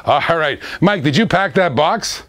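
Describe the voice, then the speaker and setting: Excitable laughing auction host man. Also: fairly high pitch, unhurried. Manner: laughing often, excitable, repeats phrases. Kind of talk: excited live-stream auction patter.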